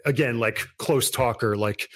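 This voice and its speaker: A man's voice: mid-range voice, unhurried, a bit bright. A man playing a tabletop game, speaking hesitantly and acting out his character's lines. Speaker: player. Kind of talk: tabletop role-play.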